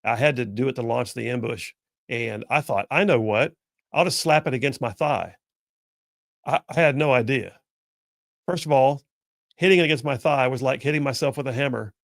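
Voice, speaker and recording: A man's voice: mid-range voice, vocal fry, no room sound, clean studio sound. A middle-aged man, hosting a call-in radio show in a folksy, joking storytelling manner. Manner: folksy storyteller, jokey asides. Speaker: radio talk show host. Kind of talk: casual call-in talk radio chat.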